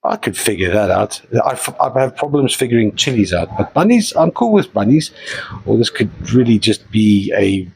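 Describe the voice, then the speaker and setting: A man's voice: on the low side, very animated, normal speed, vocal fry, a little mellow, slight background noise, rough recording. A man hosting a live mineral and fossil sale, talking casually and enthusiastically, with jokey asides. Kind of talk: casual live sales presentation.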